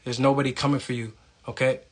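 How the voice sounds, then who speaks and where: A man's voice: medium pitch, level tone, fast talker. A man giving a casual, preachy monologue, emphatic and profane, punctuating points with "okay?". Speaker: self-styled spiritual speaker.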